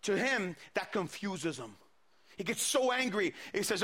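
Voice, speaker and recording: High bright-voiced male preacher. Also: very animated, a little slow. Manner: retelling scripture with quoted dialogue, frequent repetitions. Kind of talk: sermon.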